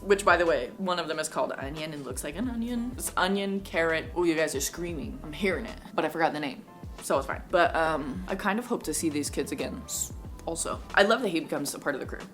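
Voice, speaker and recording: A woman's voice: low voice, lively intonation, fast talker, a bit bright, soft background music. A woman in a casual vlog chat reacting to a manga, gushing and rambling with lots of "like".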